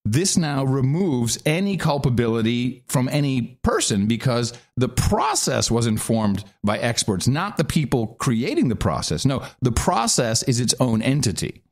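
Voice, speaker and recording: A man co-hosting a talk show in loose, casual chat. His pitch is mid-range and swings a lot, and he laughs easily and jumps in with quick remarks. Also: very animated. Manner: laughs often, quick interjections. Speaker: co-host.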